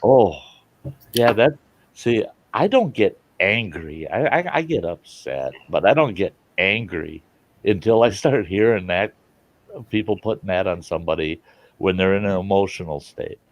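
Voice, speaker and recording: A man's voice: sits low, expressive, a little slow, muffled recording. A middle-aged man hosting a casual chat, talking earnestly and from the heart. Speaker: channel host.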